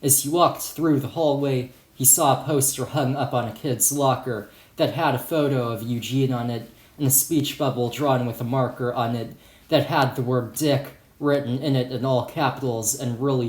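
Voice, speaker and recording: A man's voice: mid-range voice, darkish tone. Man reading a story in an echoey room. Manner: casual, profane storytelling. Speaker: audiobook narrator. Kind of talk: audiobook reading.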